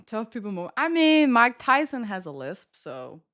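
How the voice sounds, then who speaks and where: A young woman with a slightly high voice and a light lisp from a retainer tells stories to her stream viewers. She rambles and giggles through them, with plenty of ums and likes. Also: sing-song, normal speed, pushed and bright. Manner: giggly, rambling storytelling with many fillers. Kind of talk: casual chat to stream viewers.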